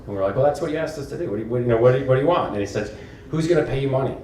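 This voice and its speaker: A man's voice: medium pitch, racing. Man telling a founder story in a roomy hall. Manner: animated, acts out quoted dialogue. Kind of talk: anecdotal storytelling talk. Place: conference hall. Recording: roomy, distant mic, faint noise.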